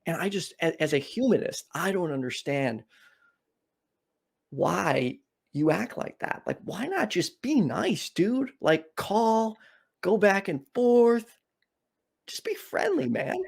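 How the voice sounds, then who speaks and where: A man's voice: sits high, big pitch swings, slow, gravelly, husky. A man hosting a call-in show, laid-back and casual in his talk. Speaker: host.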